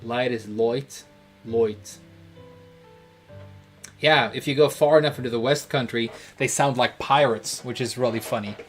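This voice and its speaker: A man from Britain with a British accent, a streamer chatting casually with viewers while playing, rambling and joking with frequent pauses. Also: medium pitch, steady tone, faint music behind. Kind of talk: casual chat answering viewers while gaming.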